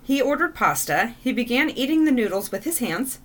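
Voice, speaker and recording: A woman's voice: fairly high pitch, fairly quick. A woman co-host reading dating stories aloud and reacting with laughter. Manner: expressive, laughs often.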